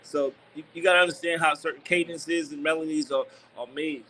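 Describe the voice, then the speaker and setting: A man's voice: fairly high pitch, steady tone, fairly quick, sharp tone, rough recording. A man guesting on an interview, speaking loosely, thinking aloud with many fillers and restarts. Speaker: guest music producer and DJ. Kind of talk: casual interview talk.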